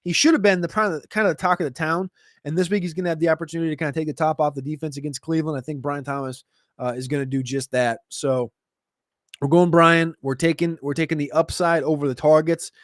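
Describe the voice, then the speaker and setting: A man hosting a casual livestream Q&A, answering viewer questions in a quick, chatty way with sudden jumps in pitch. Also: steady tone, no echo, studio quality. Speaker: fantasy football show host.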